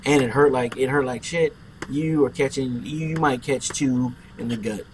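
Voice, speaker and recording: Brash young guy, casual gaming commentary, swears freely, lively storyteller, light hiss behind. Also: mid-range voice, moderate pace. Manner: brash, profane, boastful storyteller. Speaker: gameplay commentator. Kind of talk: casual let's play storytelling.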